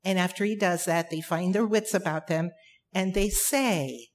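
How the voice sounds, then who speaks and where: A woman preaching a sermon, emphatic, with dramatic pauses and repeated phrases. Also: lowish voice.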